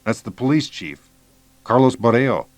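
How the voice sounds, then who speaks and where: A man's voice: medium pitch, lively intonation, moderate pace, no echo, voice pushed up, close to an everyday voice. A man voicing a composed female FBI agent who asks pointed questions. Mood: tense.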